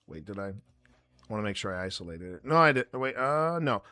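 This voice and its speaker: A paranormal investigator hosting a live stream rambles and jokes his way through an explanation of how he edits, speaking directly to his chat. His voice is lowish, very animated and brisk, with a pushed, bright tone and no room sound.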